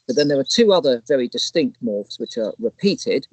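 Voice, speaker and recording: A man's voice: mid-range voice, very animated, brisk, background noise. A man co-hosting a casual live stream, explaining bird species in a rambling, chatty way with lots of restarts. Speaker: naturalist co-host. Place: outdoors in the countryside.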